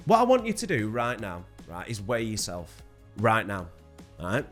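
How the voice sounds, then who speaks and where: A man's voice: on the low side, measured pace, soft background music. A man talking casually to camera about weight loss, swearing and laughing as he goes. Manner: animated, swearing, laughing often.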